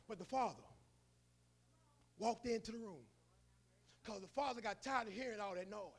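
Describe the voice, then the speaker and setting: High-voiced preacher telling a story. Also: male voice, moderate pace, pauses often. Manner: colloquial storytelling. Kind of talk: sermon.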